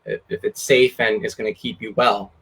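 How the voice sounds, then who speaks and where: A young co-host with a mid-pitched voice speaks in a casual live stream chat. The tone is earnest and encouraging, like gentle motivational advice. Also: fairly even intonation, moderate pace, slightly rough.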